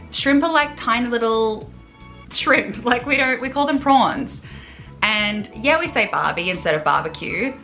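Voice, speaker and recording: Bright-voiced exasperated Australian woman vlogger. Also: mid-range voice. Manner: animated and exasperated, with sarcastic asides. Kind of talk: ranting to camera.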